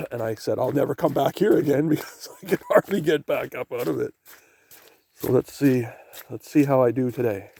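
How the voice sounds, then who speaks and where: Gravelly man rambling on a forest trail. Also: mid-range voice, lively intonation, normal speed, mellow. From Canada. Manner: rambling, talks to camera while hiking. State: walking downhill on a trail. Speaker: vlogger. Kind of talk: casual walking vlog. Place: outdoor forest trail by the ocean, rain. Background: faint outdoor noise, rain and waves.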